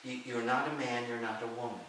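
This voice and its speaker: Guy telling an animated story, middle-aged, slight hiss on the recording, room is really echoey. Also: mid-range voice, quick pace. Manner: animated storyteller acting out quoted voices, laughing often. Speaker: interview guest, martial arts and healing teacher. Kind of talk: storytelling in a conversational interview. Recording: echoey room, far from the mic, faint hiss.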